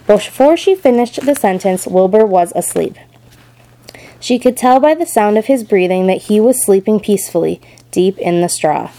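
A woman narrates a storybook aloud in a calm, measured way. Her voice is warm and mellow, neither high nor low. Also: poor audio.

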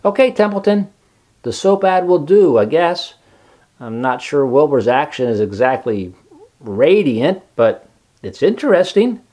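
A man voicing a kind, wise female barn spider who talks gently but firmly, coaxing the others along. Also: a little high, very animated, measured pace, voice pushed up.

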